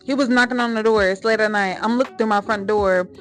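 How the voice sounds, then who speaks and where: A woman's voice: mid-range voice, fairly even intonation, fast. Woman vlogger, casual storytime monologue, slangy and emphatic, talks straight to viewers, faint background music. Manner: chatty, slangy, emphatic, addresses viewers as y'all. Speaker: vlogger telling a personal story.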